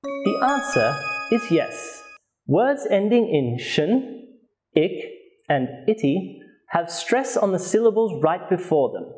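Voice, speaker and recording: A man with a fairly high, lively voice leads a scripted pronunciation lesson, saying each model sentence slowly and clearly. Faint music plays underneath. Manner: slow, carefully enunciated model sentences. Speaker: English pronunciation teacher.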